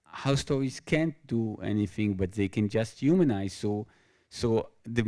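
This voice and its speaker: A man from Israel with an Israeli accent, telling a story on stage as a guest author, halting and full of restarts and repeated words. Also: on the low side, expressive, dark tone. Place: stage at an awards event.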